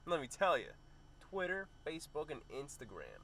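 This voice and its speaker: A man's voice: a little high, wildly swooping pitch, moderate pace, a bit bright, a little hiss or hum. A man co-hosting a movie review show, bantering playfully in casual chat.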